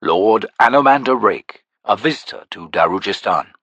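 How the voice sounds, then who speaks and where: A man's voice: lowish voice, lively intonation, normal speed, fairly bright tone, husky, dry recording, muffled recording. A male narrator voicing a polite male alchemist who speaks with careful courtesy in an audiobook. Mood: courteous. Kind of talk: audiobook character voice.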